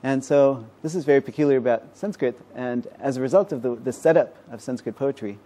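A man's voice: medium pitch, dark tone. A man, a mathematician and professor, explaining ideas in a conversational interview with a patient, teacherly manner. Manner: explanatory, teacherly, quick-paced.

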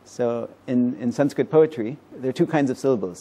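A man's voice: medium pitch, warm tone. A man, a mathematician and professor, explaining ideas in a conversational interview with a patient, teacherly manner. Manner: explanatory, teacherly, quick-paced.

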